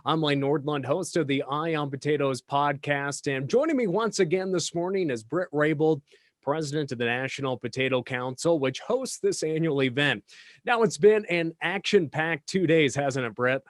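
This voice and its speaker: A man's voice: a little high, moderate pace, no room sound, clean studio sound. A man hosting an event welcome video, reading announcements in an upbeat, promotional way. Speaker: podcast host.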